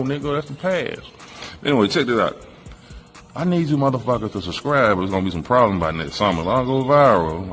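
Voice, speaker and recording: A man's voice: low voice, a bit bright, a little hiss or hum. Give me a man hosting a casual podcast with loose, profane banter. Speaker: podcast host.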